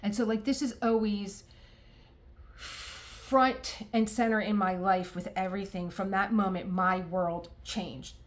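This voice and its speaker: In her home art room, a middle-aged woman from the US chats to camera as she works on a diamond painting. Her voice is medium in pitch, steady and a little slow, and she rambles warmly with frequent restarts and quoted asides.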